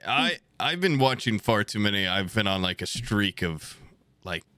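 A man's voice: fairly low pitch, animated, moderate pace, bright, forceful tone, dry recording, studio quality. A man co-hosting a podcast in casual chat, rambling and cursing as he jokes and recommends films. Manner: rambling, profane, jokey. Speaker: podcast co-host.

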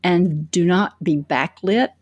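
Woman, speaking coach, lowish voice, lively storytelling, dry close sound. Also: slow pace, husky, no room sound, muffled recording. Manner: energetic, animated storytelling with quoted asides. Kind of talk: interview answers.

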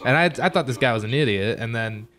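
A man's voice: medium pitch, fast, a bit bright. A man, an American comedian, guesting on a podcast, telling easygoing stories and laughing at himself. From United States. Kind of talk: casual podcast conversation.

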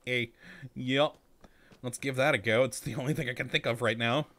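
A man's voice: medium pitch, fairly even intonation, moderate pace, fairly bright tone. A man hosting a let's-play video, chatting casually to himself and laughing often as he plays. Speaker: gaming channel host.

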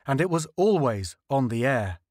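A male narrator reading a science fiction story in an even, measured voice at a middle pitch. The recording is dry and close, with no room sound. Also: no echo. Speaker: audiobook narrator. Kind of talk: scripted narration.

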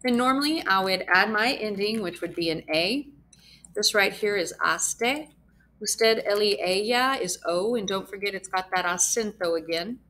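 A woman's voice: medium pitch, normal speed, sharp tone. A young woman teaching a recorded lesson, explaining step by step and spelling out letters as she writes. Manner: mutters asides while writing. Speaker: Spanish teacher. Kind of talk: recorded lesson with screen writing.

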